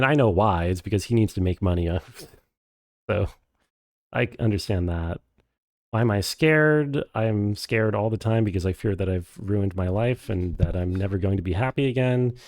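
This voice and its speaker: A man streaming a game, chatting casually and reading chat aloud in a rambling, deadpan, self-deprecating way. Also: lowish voice, no echo, studio quality. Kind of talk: casual live-stream chat while playing.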